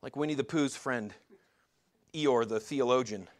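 A man's voice: medium pitch, unhurried. A man preaching a sermon in a conversational way, asking his listeners rhetorical questions and sometimes stumbling and restarting. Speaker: pastor.

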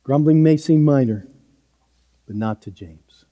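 A man's voice: fairly high pitch, measured pace, dark tone, in a large hall. A man preaching a sermon as pastor, earnest and emphatic, driving points home with repeated short phrases.

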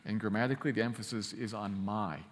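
A man preaching a sermon, emphatic, slowing down to stress key phrases and speeding through quick asides. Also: fairly low pitch, fairly even intonation, in a large hall. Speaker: pastor.

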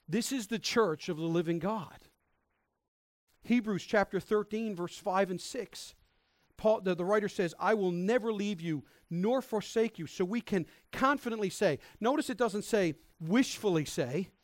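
A man's voice: sits high, dry recording. A male pastor preaching a sermon in a conversational, emphatic way, quoting scripture to his congregation. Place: church.

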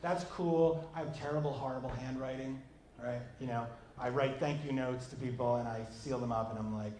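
A man preaching a conversational sermon, emphatic, swinging between loud and hushed passages. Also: mid-range voice, fairly even intonation, moderate pace. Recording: roomy echo with faint background noise.

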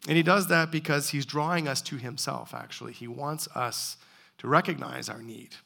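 A man's voice: mid-range voice, fairly even intonation, normal speed, gravelly, pushed and bright. A male pastor preaching a sermon, earnest and pleading, with repeated rhetorical questions.

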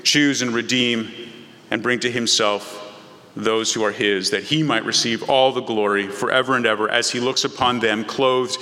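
A man preaching a sermon as pastor, animated and acting out little scenes as he explains. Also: mid-range voice, normal speed. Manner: animated, acts out scenes in voices. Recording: long hall reverb.

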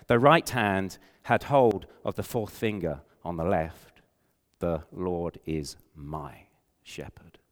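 An older man preaching a sermon with earnest conviction, slowing and softening when he quotes scripture. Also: mid-range voice, clear, resonant tone. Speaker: pastor. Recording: reverberant hall.

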